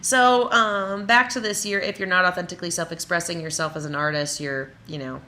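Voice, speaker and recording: A woman's voice: lowish voice, fairly even intonation, a little fast, pushed and bright, slight background noise. A woman from Wisconsin giving a motivational talk as a creative coach, stressing her points in repeated phrases with playful asides. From Wisconsin, USA.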